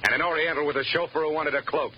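A man's voice: a little high, fairly even intonation, fast talker, very noisy, close to an everyday voice. An actor playing a world-weary male private eye, narrating in a clipped, wry 1940s radio style. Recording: dull lo-fi old radio broadcast.

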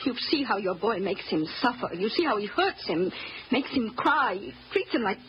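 An actress playing an upset, protective housekeeper mother who talks in an emotional, halting way, in old-time radio drama with a dull, faintly hissy recording. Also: mid-range voice, sing-song, lightly acted. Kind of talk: 1940s radio acting.

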